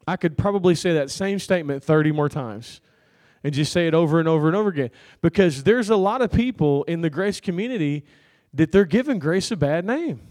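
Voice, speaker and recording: A man's voice: on the high side, darkish tone. A man preaching a sermon, telling a story in a loose, conversational way and calling out to the congregation for an amen. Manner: conversational storytelling with laughs and crowd call-outs. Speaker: pastor.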